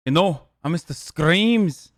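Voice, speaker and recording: A man's voice: a little high, animated, slow, no echo, clean studio sound. A man doing a crude, mocking impression of a brash young male army veteran. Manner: crude, gleeful, mocking, profane.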